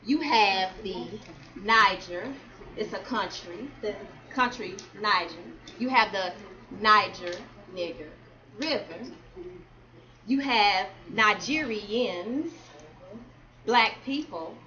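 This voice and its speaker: At a community celebration in an event hall, a woman performs spoken word poetry, calling out to the crowd in a rhythmic call-and-response. Her mid-range voice is animated, slow, pushed and bright, and the recording sounds lo-fi.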